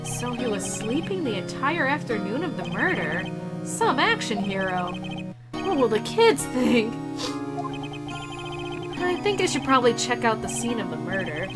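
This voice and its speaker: A woman's voice: on the high side, big pitch swings, measured pace. A woman voicing a young male defense lawyer with dry, sarcastic asides, over game music. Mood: wry.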